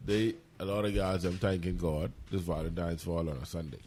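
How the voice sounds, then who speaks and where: A man from The Bahamas hosting a casual talk show, relaxed and wry. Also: low voice, fairly quick, slight background noise. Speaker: host. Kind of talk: casual chat.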